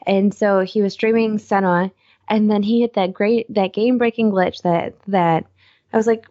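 A woman co-hosting and producing a podcast, chatting in a rambling, excitable way and acting out what people said. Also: mid-range voice, normal speed, dull audio. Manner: rambling, excitable storyteller who acts out quotes. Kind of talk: casual chat.

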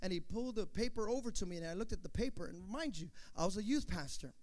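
A man who was once a youth pastor, telling a testimony story in an animated way, acting out the dialogue with playful asides. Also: high voice, quick pace.

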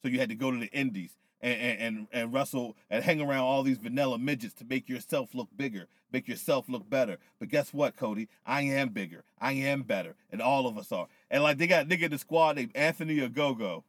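A man on a podcast, casually recapping wrestling with loose, profane, animated storytelling, a little tipsy. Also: medium pitch, fast talker, few pauses, no echo. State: tipsy from whiskey. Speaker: podcast co-host.

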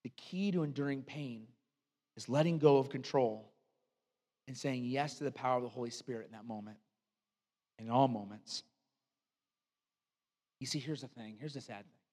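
A male pastor preaching a sermon in a church, animated and conversational, with frequent asides to the congregation. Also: mid-range voice, normal speed, pauses often, in a large hall.

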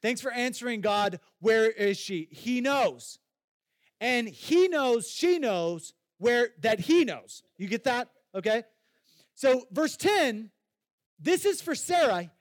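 A man's voice: very high-pitched, sing-song, slow pace, no echo, studio quality. A man preaching a sermon as a pastor, talking conversationally, putting questions straight to his listeners and repeating phrases for emphasis.

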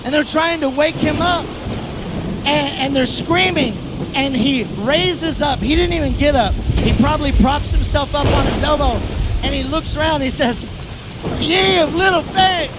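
A man preaching a sermon in a very high voice, acting out the scenes of his story with energy. Heavy rain and rolling thunder sound loudly behind him. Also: moderate pace, heavy background noise. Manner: animated storyteller, acts out the disciples' panic. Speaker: pastor.

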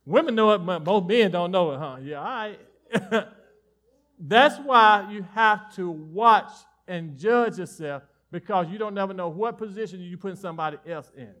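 A man preaching a lively sermon in a high, bright voice. He swings between forceful declarations and quiet, folksy asides, joking easily with his congregation. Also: normal speed. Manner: animated preaching with sudden drops to soft asides. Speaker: pastor.

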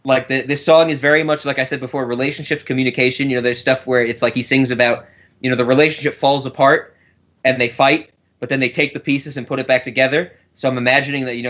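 A man's voice: mid-range voice, fairly bright tone, lo-fi sound. A man co-hosting a casual podcast, rambling and laughing often as he talks. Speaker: podcast co-host.

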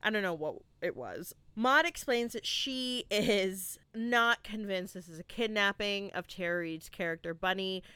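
A woman hosting a casual movie review podcast, chatty and animated, peppering her talk with "like" and swearing freely. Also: mid-range voice, unhurried, hardly any pauses, smooth, no room sound. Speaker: podcast host.

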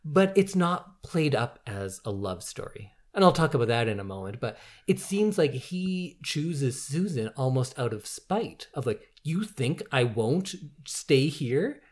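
A man in a casual film discussion, talking in an animated way and thinking aloud. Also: medium pitch, unhurried, hardly any pauses.

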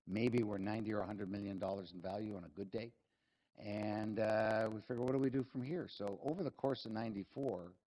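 A man's voice: fairly low pitch, darkish tone, poor audio. An older man, a company chief executive telling rambling, self-deprecating and humorous anecdotes at a live fireside chat.

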